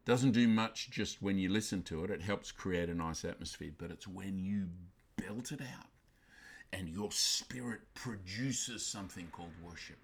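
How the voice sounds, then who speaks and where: A male pastor preaching a sermon emphatically, swinging from loud bursts down to quiet, intense lines. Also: sits low, normal speed, few pauses, breathy edge.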